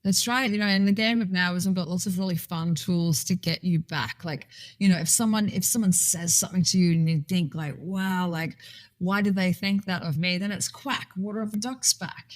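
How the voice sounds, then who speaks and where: A woman talks in a loose, playful way, tossing in sing-song catchphrases as she goes. Her voice sits a touch low for a woman. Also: normal speed. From Swaziland. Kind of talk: casual chat.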